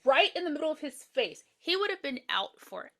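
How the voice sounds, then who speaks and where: A woman with a high, animated voice that jumps around in pitch, co-hosting a casual movie review podcast. Her tone is bright and sharp, and she tells the story with excitable, joking disbelief. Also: fairly quick. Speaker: podcast co-host.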